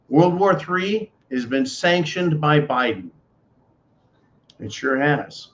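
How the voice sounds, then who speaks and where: A man from the United States delivers a ranting commentary monologue, indignant and sarcastic, and keeps calling his listeners folks. His voice sits a little high for a man. The recording sounds dull and lo-fi. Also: a little slow. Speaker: political commentary host. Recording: dull lo-fi audio.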